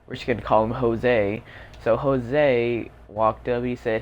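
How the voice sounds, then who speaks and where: A man's voice: mid-range voice, steady tone, measured pace. A young man casually telling a rambling storytime over gameplay, full of fillers and self-deprecating asides. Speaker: gaming YouTuber. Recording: dull lo-fi mic with faint noise.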